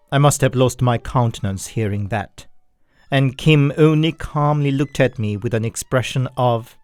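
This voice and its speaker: A man narrating scary stories in a slow, measured way. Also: mid-range voice, clear, resonant tone, no echo. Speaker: storyteller. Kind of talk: scripted horror narration. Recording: dry, with soft violin music. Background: faint violin music.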